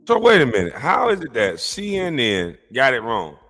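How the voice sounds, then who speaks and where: A man's voice: mid-range voice, huge pitch swings, normal speed, a bit bright, faint music behind. A man hosting a casual commentary show, reacting to clips in an indignant, mocking way.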